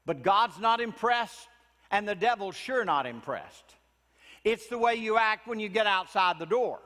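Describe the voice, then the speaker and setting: A man's voice: high-pitched, lively intonation, a little slow. Earnest preacher man in a reverberant church. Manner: earnest, pleading preaching with dramatic drops to a hush. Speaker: pastor. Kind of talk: sermon.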